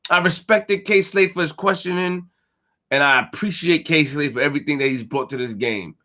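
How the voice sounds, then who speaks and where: Pushed and bright at a fairly high pitch, this young live-streamer rants boastfully at normal speed, hammering his points, repeating himself and stumbling over words.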